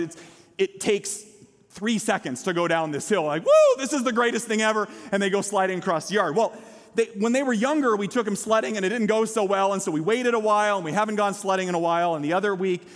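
A man preaches a sermon from a church stage. His voice sits high, and he acts out the people in his stories. The sound carries a long hall reverb. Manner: animated storytelling with quoted voices. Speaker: pastor. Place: church sanctuary.

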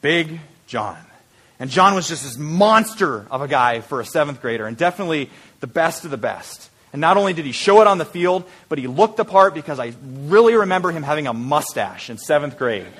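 A pastor with a fairly high voice delivers a sermon. He tells his story in an animated way and moves into earnest, quiet appeals to his listeners. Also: a little fast, husky.

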